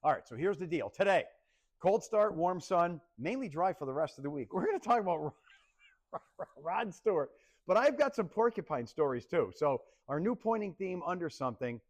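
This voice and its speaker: A man's voice: high-pitched, moderate pace. A man presenting a casual TV weather forecast, joking and laughing with a co-host. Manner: playful, animated, laughs often. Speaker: TV meteorologist.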